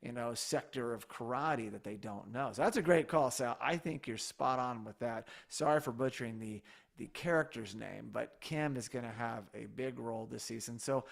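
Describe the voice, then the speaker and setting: A man with a gravelly edge in his mid-pitched voice, co-hosting a casual podcast. He talks in an animated, enthusiastic way and keeps correcting himself mid-sentence. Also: normal speed. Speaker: podcast co-host.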